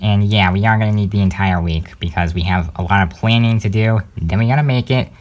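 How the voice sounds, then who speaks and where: Low-voiced young man hosting a channel update. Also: fairly quick. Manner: rambling, many fillers, hesitant. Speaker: host of a home-made news show. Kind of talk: casual scripted channel update.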